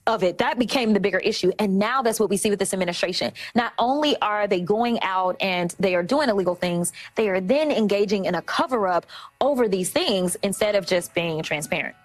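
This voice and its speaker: A woman's voice: mid-range voice, lively intonation, fairly quick. A woman on a political panel, explaining points emphatically and affirming the other speaker. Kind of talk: political discussion.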